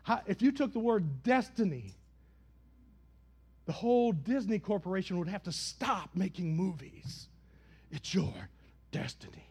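A man preaching a sermon, swinging between loud, rising calls and quiet, dry asides. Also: high voice, lively intonation, a little slow, husky. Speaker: pastor.

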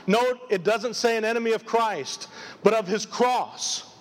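A man's voice: high-pitched, unhurried. A man preaching a live sermon as pastor, emphatic and full of repeated rhetorical questions. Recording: long reverb of a large hall.

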